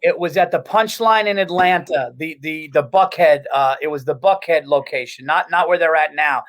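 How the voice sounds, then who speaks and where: Brief: high-pitched male comic guest, animated rapid storyteller, swears freely. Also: rough recording. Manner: animated, quick and profane, lots of restarts. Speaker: comedian guest. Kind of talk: casual comedic storytelling.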